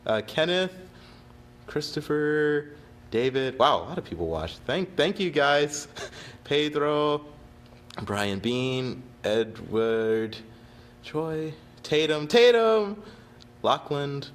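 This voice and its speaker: A man's voice: on the high side, lively intonation, slow, fairly bright tone, reverberant. A man teaching on a casual livestream, chatty and laid-back, laughing often and apologizing freely. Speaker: percussion instructor on a livestream.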